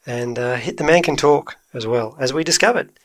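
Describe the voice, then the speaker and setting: A man's voice: mid-range voice, brisk, no room sound. A man co-hosting a podcast, teasing and playful in casual chat. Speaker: podcast co-host.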